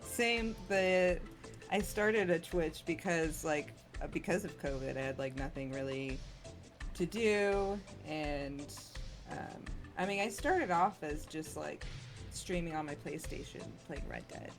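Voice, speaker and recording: A woman's voice: low voice, measured pace, music in the background. A young woman, a guest on a stream talk show, chatting in a laid-back way, swearing casually and laughing often. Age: young adult. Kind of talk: casual chat.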